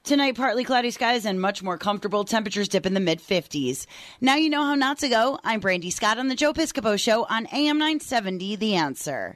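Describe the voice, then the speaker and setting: A woman giving a brisk, matter-of-fact traffic and weather report on the radio. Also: a little high, expressive, no room sound. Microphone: studio mic.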